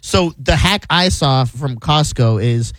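A man's voice: mid-range voice, lively intonation, takes it slowly, no echo. A man co-hosting a radio show, talking casually with lots of fillers. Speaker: radio co-host.

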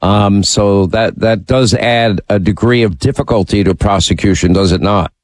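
A man's voice: lowish voice, normal speed, dry recording, rough recording. A man hosting a radio talk show, speaking emphatically and opinionated, teasing his callers. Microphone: studio mic.

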